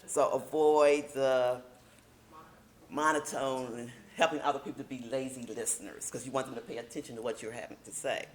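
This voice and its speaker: A woman teaching a speaking workshop in a casual, emphatic way, slowing down to stress key points. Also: very deep voice, a little hiss or hum.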